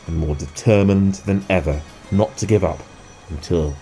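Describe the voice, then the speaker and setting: A man with a deep, low voice reads a children's story aloud, calm and measured from line to line. Soft music plays faintly underneath. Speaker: narrator.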